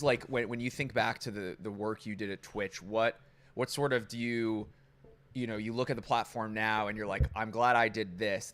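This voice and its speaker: A man hosting a casual live-stream interview, upbeat and quick to laugh, asking loose, rambling questions. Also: fairly low pitch, a bit bright. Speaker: host.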